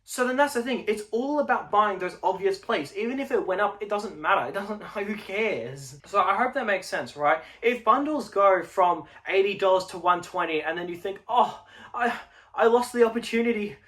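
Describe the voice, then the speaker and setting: A man's voice: high voice, animated, normal speed, hardly any pauses, bright, forceful tone. A young man hosting his own channel, talking bluntly and emphatically in a casual way, with the odd swear. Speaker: channel host. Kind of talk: casual straight-to-camera market talk.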